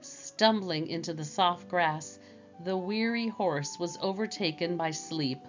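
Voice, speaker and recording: A woman narrating a children's storybook in a slow, gentle reading manner. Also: fairly low pitch, muffled recording, faint music behind.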